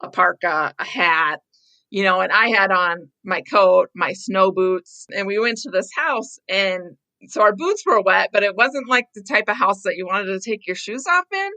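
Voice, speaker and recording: A woman's voice: mid-range voice, lively intonation, moderate pace, sharp tone, dry recording, low-quality recording. A woman from the Upper Midwest, a realtor guest, telling a story casually and acting out the quoted voices. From Southwest Wisconsin. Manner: acts out quoted voices, laughs often.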